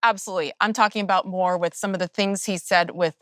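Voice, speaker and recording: A woman hosting a podcast interview, talking in an earnest, measured, opinionated way. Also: on the low side, fairly even intonation, a bit bright, dry recording, clean studio sound. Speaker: podcast host. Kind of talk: interview conversation.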